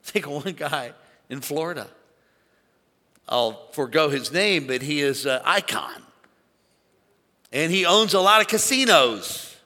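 A man preaching an animated sermon to a church congregation, calling on them to shout along. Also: a little high, unhurried, pauses often. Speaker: pastor. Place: large church auditorium. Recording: long hall reverb.

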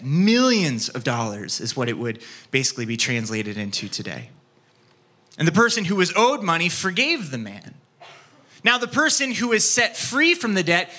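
A male pastor delivers a sermon in a bright, sharply ringing voice that sits high for a man. His pitch swings widely as he acts out a story, then settles low and soft when he makes his point. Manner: animated storytelling, acts out scenes, drops soft for key points.

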